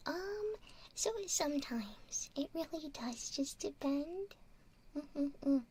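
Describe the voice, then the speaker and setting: Woman ASMR streamer, hushed whisper throughout, slow easy delivery. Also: sits high, expressive, a little hiss or hum. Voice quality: soft whispering. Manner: gentle, giggly, thanks viewers by name. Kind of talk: whispered chat with stream viewers.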